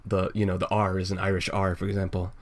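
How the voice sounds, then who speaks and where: A man's voice: low-pitched, monotone, fast talker. A man co-hosting a podcast in casual comic chat, laughing often and slipping into mock-posh voices. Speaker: podcast co-host.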